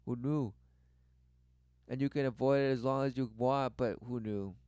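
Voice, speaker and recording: A man giving religious commentary over clips, repeating rhetorical questions and swinging between loud bursts and low mutters. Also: fairly even intonation, moderate pace, clean tone, no room sound. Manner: repetitive rhetorical, keeps asking "who knew". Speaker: online commentator.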